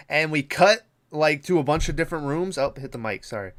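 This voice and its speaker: A man's voice: a little high, a bit bright. A man hosting a podcast, recapping a horror movie in a casual, rambling way with lots of swearing and fillers. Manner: rambling, profane, many fillers. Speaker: podcast host.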